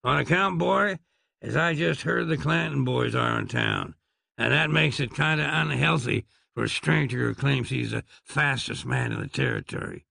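A stern older frontier marshal with a slow, dry drawl, as a man narrating a storybook plays him. The voice is gravelly and intimate, close to the mic in a dead, dry space. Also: medium pitch, lively intonation, bright, forceful tone, no echo, exaggerated voice. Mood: menacing drawl.

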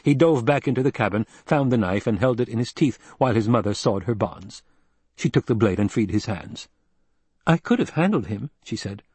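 A man giving steady, measured audiobook narration, recorded close on a studio mic. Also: lowish voice, husky, dry recording.

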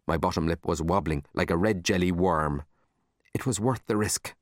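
A man narrating a children's story in an expressive, animated reading. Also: low-pitched, moderate pace, dry recording, clean studio sound. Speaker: audiobook narrator.

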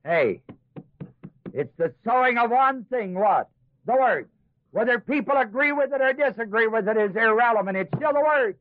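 A high-voiced man teaches scripture to a class in a preaching style. He drops into mocking asides, then builds his points with emphasis. The sound is a dry, tinny old tape with no room to it. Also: animated, normal speed, no room sound. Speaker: Bible teacher.

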